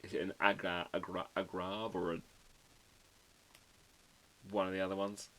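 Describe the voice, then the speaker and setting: A man hosting a casual livestream, chatting with viewers and reading their comments while he draws, often muttering quiet asides. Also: sits low, level tone, moderate pace. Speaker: livestream host drawing a card. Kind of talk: casual live-stream chat.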